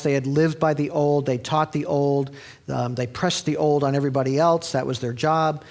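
A man preaching a sermon in a conversational, storytelling way, with frequent restarts. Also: normal speed. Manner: animated, sweeping pitch.

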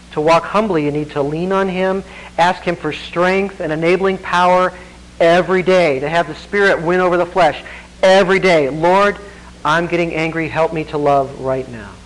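In poor audio with a little hiss or hum, a man preaches to his church congregation as pastor. His delivery is emphatic, with big shifts in pitch and volume, chuckling asides, and a closing prayer he leads.

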